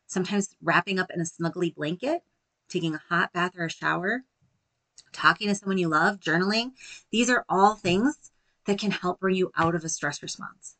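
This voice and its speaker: A woman in her thirties hosting a solo podcast as a life coach, speaking gently and reassuringly. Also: lowish voice, moderate pace. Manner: gentle, reassuring, softly spoken at times.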